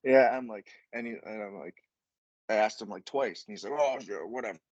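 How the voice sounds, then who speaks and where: A man's voice: on the low side, fairly quick, a little mellow, dry recording, lo-fi sound. A man, a podcast guest, telling a rambling, profane story in casual chat and laughing as he goes.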